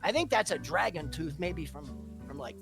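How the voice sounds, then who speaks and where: A man's voice: on the high side, gravelly, music in the background. A man voicing an eager male halfling shopkeeper with a New Jersey accent and pushy salesman patter. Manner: excitable, fast-talking salesman patter.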